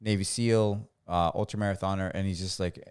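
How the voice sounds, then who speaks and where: A man's voice: low-pitched, steady tone, brisk, darkish tone, smooth. A man co-hosting a casual podcast, chatty and joking. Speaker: podcast co-host. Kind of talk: casual studio podcast chat.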